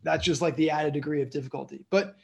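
A male stand-up comedian chatting as a guest, his voice sitting a bit high for a man. He rambles through his stories, circling back and filling gaps with "you know what I mean.". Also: fast, creaky. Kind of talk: casual interview storytelling.

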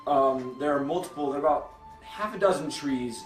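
A man's voice: on the high side, brisk. A man narrating as game master in a tabletop game, hesitant and full of fillers. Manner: hesitant, restarts often with many fillers. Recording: roomy echo, distant from the mic, faint music.

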